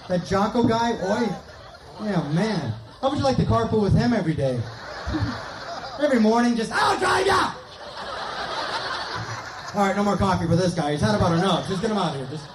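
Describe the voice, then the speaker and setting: Guy doing stand-up in a park, high voice, echoey, lots of crowd noise behind him. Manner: rapid jokey patter, acting out voices, laughing at his own jokes. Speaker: stand-up comic. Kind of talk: stand-up comedy set. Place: outdoor park concert stage.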